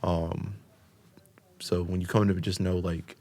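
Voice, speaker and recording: Low husky guy from the us just rambling thru a story, lots of likes and ums. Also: flat delivery, normal speed, pauses often, a little mellow. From United States. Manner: rambling, filler-heavy with constant "like" and "um". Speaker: podcast guest. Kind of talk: casual storytelling.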